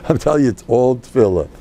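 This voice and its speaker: An older man giving an informal, animated Torah class as a rabbi, sprinkling Yiddish and Hebrew phrases. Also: medium pitch, moderate pace, a little hiss or hum.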